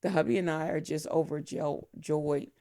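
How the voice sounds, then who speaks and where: A middle-aged woman hosting a podcast, speaking slowly and tenderly in a heartfelt spiritual talk, close to the mic and near tears. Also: low-pitched, level tone, dark tone, dry recording. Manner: slow, tender, emotional blessing. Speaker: podcast host, mentor.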